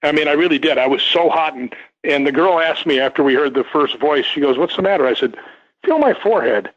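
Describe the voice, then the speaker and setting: A man's voice: a little high, steady tone, fairly quick, fairly bright tone. Rambling older man telling a story. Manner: rambling, restarts and repeats words. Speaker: guest, stunt performer. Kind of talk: casual radio interview storytelling. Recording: dull lo-fi radio sound.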